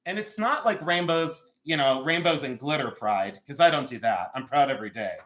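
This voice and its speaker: A man's voice: fairly high pitch, expressive, moderate pace, fairly bright tone. Joking Cleveland man selling jewelry live. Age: 50s. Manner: joking, rambling, laughs often. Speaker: live-stream jewelry seller. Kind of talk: chatty live-sale banter.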